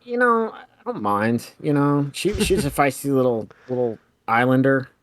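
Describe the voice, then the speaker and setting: A man's voice: mid-range voice, animated, moderate pace. A man co-hosting a casual podcast, rambling with many restarts and frequent laughs. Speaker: podcast co-host. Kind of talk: casual chat.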